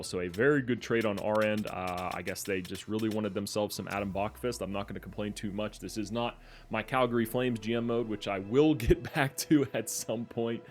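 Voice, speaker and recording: A young man giving relaxed, chatty gameplay commentary as a gaming YouTuber, with plenty of fillers. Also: fairly low pitch.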